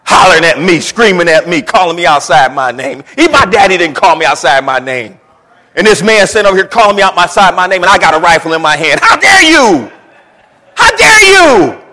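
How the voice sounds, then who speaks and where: A middle-aged man preaching a sermon in a church, emphatic and repetitive, building up to shouting. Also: high voice, quick pace. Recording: long church reverb.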